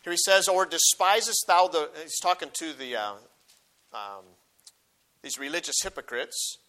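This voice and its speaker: Male preacher, high and bright, scripture reading with emphasis, sermon delivery. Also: measured pace. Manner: reads scripture aloud with rising emphasis, then explains; frequent restarts and repeated words.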